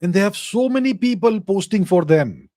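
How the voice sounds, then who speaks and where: A middle-aged man with a fairly high voice, answering viewer questions on a live show. He talks in an emphatic, lecturing way and keeps hammering his point home with repeated phrases. The sound is dry and close, with no room around it. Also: animated, normal speed, warm tone, no echo. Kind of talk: casual live Q&A.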